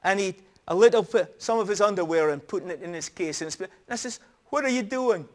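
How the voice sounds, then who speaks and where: A man's voice: sits high, quick pace. A middle-aged man preaching a sermon in an earnest, emphatic storytelling manner.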